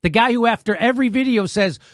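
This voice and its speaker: A man's voice: very high voice, quick pace, dry recording, studio quality. A man ranting about politics in a heated, sarcastic, profane way. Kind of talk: political rant video.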